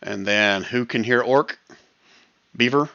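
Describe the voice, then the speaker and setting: A man's voice: mid-range voice, takes it slowly, vocal fry, bright, forceful tone, no room sound, lo-fi sound. A man running a tabletop game as game master over voice chat, easygoing and laughing often.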